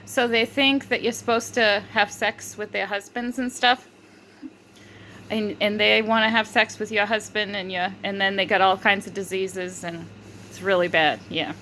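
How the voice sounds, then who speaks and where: A woman's voice: medium pitch, steady tone, moderate pace, sharp tone, a little hiss or hum, rough recording. A woman vlogger telling a rambling story, full of fillers, restarts and frequent giggling. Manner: filler-heavy, restarts often. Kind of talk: casual rambling monologue.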